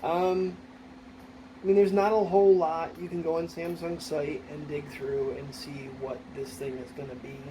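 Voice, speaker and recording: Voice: mid-range voice, little pitch movement, moderate pace. A daily vlogger chatting casually while walking a puppy outdoors, talking playfully to the dog, recorded on a phone camera. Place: outdoors in a breezy park playground. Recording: outdoor recording with clear background noise. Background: wind and leaves, passing vehicles.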